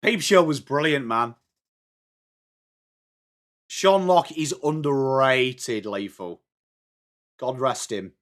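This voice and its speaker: A young English man from England hosts a live football watchalong, calling the play while chatting and replying to viewers. His mid-range voice has a fairly bright tone, and he speaks slowly with long pauses.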